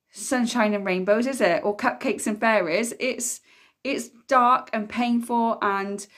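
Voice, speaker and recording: A woman talking to camera in a casual vlog, reflective and candid, with frequent ums and trailing-off phrases. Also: medium pitch. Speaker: vlogger.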